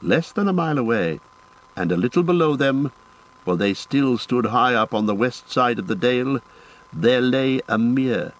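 A man reading a fantasy novel aloud in a measured, descriptive narration. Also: medium pitch, animated, low-quality recording. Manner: measured, descriptive reading with lifted phrase starts. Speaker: audiobook narrator.

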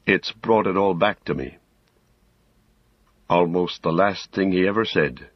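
A man reading, voicing a wounded young male hobbit who is homely, slow-spoken and wistful. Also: sits low, dry recording, lo-fi sound.

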